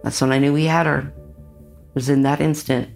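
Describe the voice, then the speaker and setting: A middle-aged woman in an interview, retelling events intensely with halting restarts. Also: extremely low pitch, fairly even intonation, gravelly, a little mellow, faint music behind. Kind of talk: emotional interview recounting.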